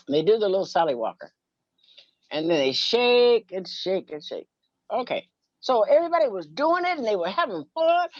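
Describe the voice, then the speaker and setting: A woman's voice: medium pitch, dry recording. A woman, telling a personal story and acting out childhood dialogue. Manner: acts out childhood dialogue, sings a playground rhyme. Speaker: minister and storyteller guest. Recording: dull, dry, muffled sound.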